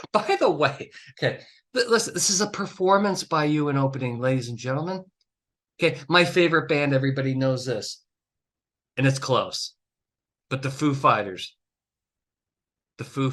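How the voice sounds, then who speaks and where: A podcast host who works as a trial consultant talks animatedly on his own, dishing out blunt, emphatic advice with swearing and exasperated outbursts, in a medium-pitched, slightly bright voice.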